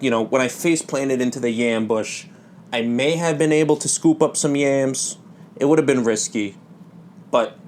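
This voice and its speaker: A young man hosting a comedy podcast, telling rambling absurd stories in a deadpan way with sudden loud bursts. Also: mid-range voice, a little hiss or hum. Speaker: podcast host. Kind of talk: absurd comic storytelling.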